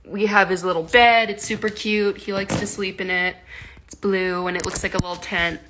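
A woman's voice: medium pitch, steady tone, moderate pace, noisy background. A young woman chatting casually on a phone livestream, giggling and cooing baby talk at her cat. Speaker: livestream host.

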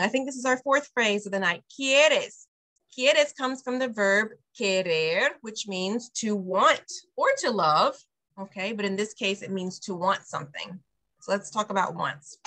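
A middle-aged woman leads an online Spanish lesson for parents, her voice bright and crisp. She explains patiently, slows down to model each word and laughs easily. The sound comes through a video call. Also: medium pitch. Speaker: preschool director teaching Spanish.

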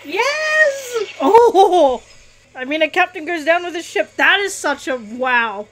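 A woman hosting a reaction video, excitable, often laughing and shouting as she reacts. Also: very high voice, slow, a little hiss or hum.

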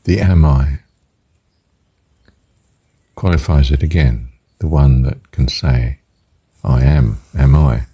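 A man with an extremely low, dark voice that is husky and breathy throughout. He muses over a spiritual idea in an unhurried, ponderous way, repeating phrases as he turns them over. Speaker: speaker reflecting on a spiritual phrase. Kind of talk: musing spiritual talk.

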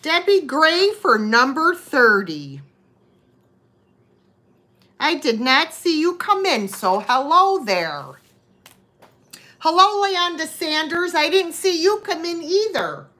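A chatty woman hosting a live vintage sale, greeting viewers by name between items. Her voice sits high and swoops about a lot, and she talks very slowly. The tone is bright and forceful. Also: big pitch swings. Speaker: online vintage seller. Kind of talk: live-stream sale chat.

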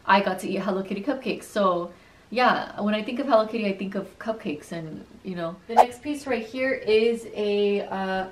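A woman's voice: medium pitch, normal speed, roomy sound, heavy background noise. A young woman vlogger chatting casually through a haul video, bubbly and slangy, swearing freely.

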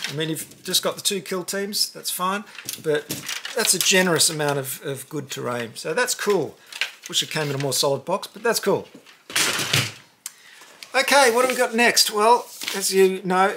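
Animated man hosting an unboxing. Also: on the high side, background noise. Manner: animated, exaggerated cheers and mock outrage. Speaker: host. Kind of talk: casual unboxing commentary.

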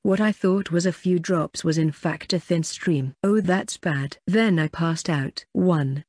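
A woman's voice: on the low side, measured pace, a little mellow, dry recording. Lady reading a first-person audiobook, plain chatty delivery, dry close mic. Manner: plain, conversational reading with small slips. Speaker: audiobook narrator.

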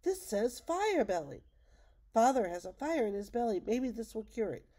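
A woman voicing an eager, anxious young boy squire in a read-aloud storybook, speaking in a high, urgent voice. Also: very animated, moderate pace, dark tone. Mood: worried.

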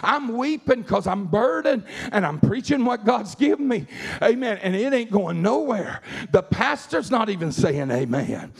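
A man preaching a revival sermon in a church, telling a story with frequent calls of "amen" and "come on, somebody," building to shouts. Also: sits high, big pitch swings, a little slow, vocal fry, slightly rough. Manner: rural Southern-style grammar, grows to shouting. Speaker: evangelist preacher. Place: church sanctuary.

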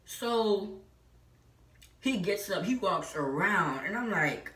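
A woman's voice: mid-range voice, lively intonation, slow pace, fairly bright tone. A woman vlogger telling a personal story in a casual, emphatic way, with many filler "like"s. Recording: echoey room, mic at a distance.

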